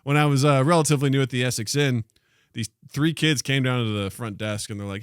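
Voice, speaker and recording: A man's voice: mid-range voice, fast, clean tone, dry recording, studio quality. A young man co-hosting a podcast, chatting casually and acting out the people in his stories. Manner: joking storyteller who acts out quoted people. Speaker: podcast co-host. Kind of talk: casual chat.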